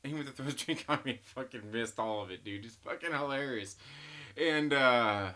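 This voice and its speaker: A man's voice: mid-range voice, moderate pace, pushed and bright. A man hosting a casual live stream, telling rambling stories full of swearing and frequent laughter, and reading chat comments aloud.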